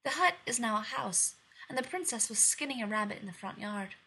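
A woman narrating a dark fairy tale in a measured storytelling reading. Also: fairly high pitch, lively intonation, a little hiss or hum, poor audio.

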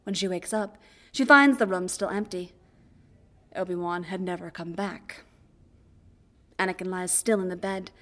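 A woman narrating fan fiction aloud as an audiobook, in a quiet, even storytelling voice. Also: mid-range voice.

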